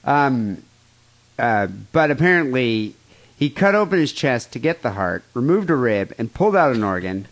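A man's voice: mid-range voice, sing-song, normal speed. A man co-hosting a podcast in casual chat, crude and joking as he reads listener mail. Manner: crude, joking, laughs often. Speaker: podcast co-host.

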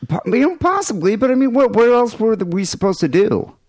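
A man co-hosting a podcast, telling crude stories in casual, animated chat. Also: sits high, brisk, dry recording. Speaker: podcast co-host.

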